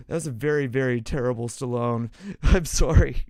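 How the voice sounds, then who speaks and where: A young man hosting a sports show, talking in an excitable, profane, pumped-up way. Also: mid-range voice, moderate pace, dry recording, clean studio sound. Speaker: sports podcast host. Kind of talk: casual hyped-up sports talk.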